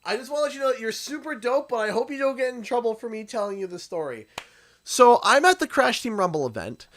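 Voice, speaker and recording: Lively Canadian man telling a story. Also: high voice. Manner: animated, chatty anecdote-telling, acts out quotes. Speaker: streamer. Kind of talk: casual livestream storytelling.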